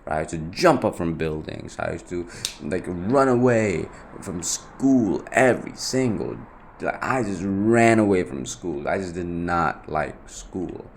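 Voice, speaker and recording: Gravelly low-voiced young man from Nepal. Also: lively intonation, measured pace, a little hiss or hum. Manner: rambling, repeats himself, many fillers like "right?" and "like". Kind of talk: casual personal storytelling.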